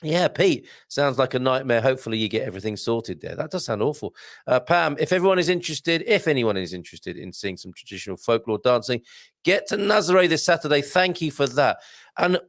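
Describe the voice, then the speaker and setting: A man hosts a live online show, reading out viewer messages and reacting with quick exclamations. His pitch swings widely, and his voice sits close and dry with no room sound. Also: no room sound. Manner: chatty, reads out comments with lively exclamations. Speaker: host. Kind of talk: live-stream chat reading viewer comments.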